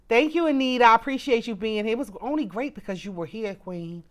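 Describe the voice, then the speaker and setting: A woman's voice: mid-range voice, animated, brisk, hardly any pauses. Woman, middle-aged, livestream host, casual chat, talks straight to viewers, reads comments aloud.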